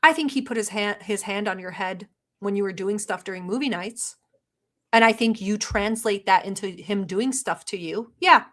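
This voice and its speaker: A woman's voice: mid-range voice, normal speed, a bit bright. A woman vlogger who grew up in the Middle East, speaking English as a non-native, giving blunt, sarcastic, profane reaction commentary. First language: not English.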